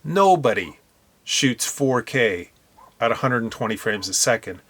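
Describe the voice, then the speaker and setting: A man with a Northern Irish accent, co-hosting a relaxed podcast. His voice sits at an ordinary middle pitch, and he talks in an animated, emphatic way. The tone stays that of a casual chat between friends. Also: unhurried. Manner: animated, emphatic, talks through camera specs. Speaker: podcast co-host.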